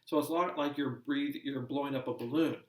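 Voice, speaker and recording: A man teaching a recorded lesson, explaining at a measured pace with frequent fillers and restarts. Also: mid-range voice, fairly even intonation, far from the mic. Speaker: course instructor. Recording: roomy echo, speaker away from mic.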